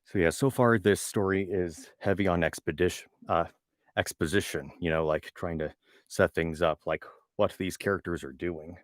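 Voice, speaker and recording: A man's voice: deep voice, fairly even intonation, normal speed, no room sound, studio quality. A man reading a novella aloud, stumbling over and repeating words, with chatty, rambling asides. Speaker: reader of a story.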